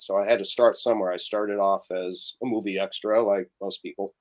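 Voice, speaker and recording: A man's voice: on the low side, fairly even intonation, a little fast, hardly any pauses. A middle-aged man chatting as a podcast guest, telling stories and acting out the voices of people in them. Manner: storytelling, acts out quoted voices. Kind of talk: casual podcast chat.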